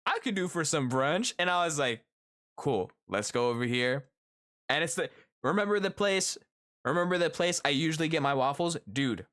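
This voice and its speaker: Middle-aged guy streaming, chatting to his viewers, pitch jumps all over while he tells a work story. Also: moderate pace, clean tone. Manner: animated storytelling, acts out quoted coworkers. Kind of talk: casual chat with viewers.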